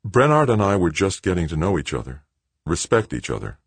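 A man's voice: deep voice, very animated, brisk, slightly rough, no echo, pitched above the performer's own voice, heavily acted. A male narrator voicing a determined young adult son who talks lightly but insistently. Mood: persuasive.

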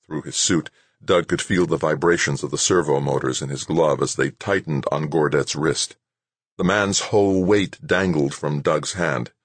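A man reading an audiobook as narrator in a steady, measured way. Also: extremely low pitch, husky, no echo. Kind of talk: scripted narration.

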